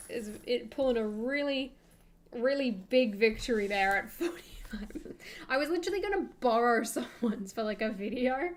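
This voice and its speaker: A young woman streaming, chatting casually and thinking aloud with soft laughs. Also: a little high.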